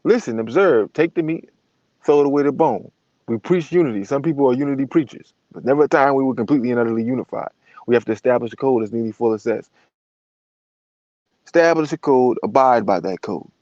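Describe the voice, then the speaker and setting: A man's voice: medium pitch, quick pace, darkish tone, no room sound, highs cut off. A man giving a blunt, profane monologue to camera, acting out other people's voices as he talks.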